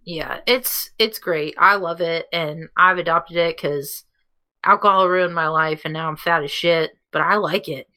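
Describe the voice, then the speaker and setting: A woman's voice: lowish voice, unhurried, sharp tone. A woman co-hosting a podcast, chatting casually in a blunt, rambling way and swearing freely. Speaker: podcast co-host. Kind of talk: casual chat.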